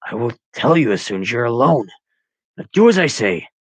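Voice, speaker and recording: A man doing a hushed, grieving police chief father. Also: unhurried, vocal fry, slightly rough, no echo, heavily acted. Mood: grave. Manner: low, hushed, heavy delivery.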